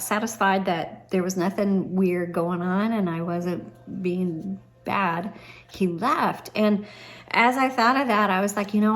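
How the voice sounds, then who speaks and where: A middle-aged woman telling a personal faith story in a chatty, earnest way, with frequent ums and restarts. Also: mid-range voice. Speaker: Christian vlogger. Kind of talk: personal testimony, casual storytelling.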